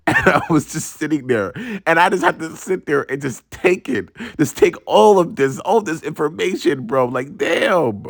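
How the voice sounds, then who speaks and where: Young man, slightly high voice, slangy, animated storytime vlog. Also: moderate pace, creaky.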